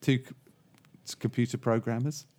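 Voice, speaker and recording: A man's voice: mid-range voice, fairly even intonation, moderate pace, darkish tone. A man co-hosting a podcast, chatting casually and telling jokes with lots of fillers and restarts. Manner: rambling storyteller, lots of fillers and restarts, laughs at own jokes. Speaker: podcast co-host. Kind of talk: casual chat.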